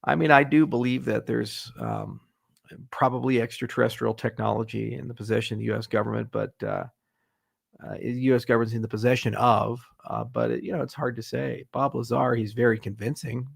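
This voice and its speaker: Gravelly, blunt, profane middle-aged man. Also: mid-range voice, fairly quick. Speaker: host. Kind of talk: livestream Q&A, casual chat.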